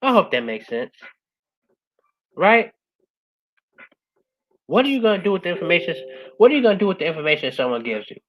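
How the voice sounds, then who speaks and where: A woman speaking as a guest, giving a passionate motivational talk. She keeps asking "right?" and swings from loud urging to a soft, quiet close. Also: sing-song, fairly quick, long pauses, dull audio. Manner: passionate, repeats "right?" after most points; swings between loud urging and soft, low-key closing.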